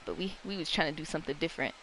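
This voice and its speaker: A vlogger tells a story in a loose, rambling way, teasing themselves as they go. Their voice jumps now and then into sudden high-pitched shrieks. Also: racing, fairly bright tone, a little hiss or hum, poor audio. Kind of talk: casual storytime.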